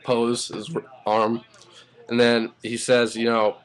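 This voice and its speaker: A man giving a casual spoken recap of a wrestling show, rambling and excitable, swearing freely as he goes. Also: medium pitch, slow pace, clean tone.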